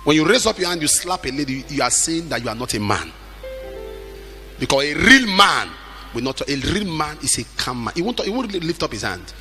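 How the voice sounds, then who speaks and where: A middle-aged man preaching a sermon with emphatic delivery, at times shouting and acting out the people he quotes. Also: fairly high pitch.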